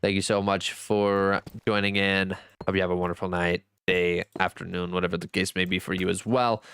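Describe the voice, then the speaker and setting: A man streaming a game keeps up casual chat, reading viewer messages aloud, answering and thanking them, and making jokes at his own expense while swinging between high and low pitch. His voice is smooth and a bit bright with little pitch movement, at a moderate pace in a dry recording.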